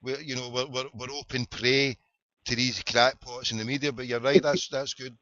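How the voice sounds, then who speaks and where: Rambling Glaswegian man, bright lo-fi sound. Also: medium pitch, flat delivery, moderate pace. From Scotland. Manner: rambling, repeats words, swears, tells anecdotes. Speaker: internet radio host. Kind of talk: casual phone-in chat. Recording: dull lo-fi audio.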